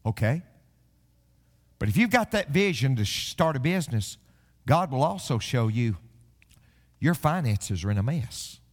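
A man's voice: mid-range voice, sing-song, measured pace, pauses often, in a large hall. A male pastor preaching a sermon, telling stories and building to repeated refrains.

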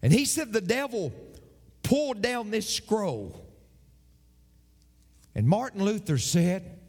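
A male pastor delivering an emphatic sermon, with dramatic pauses and repeated phrases. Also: high-pitched, very animated, darkish tone, in a large hall.

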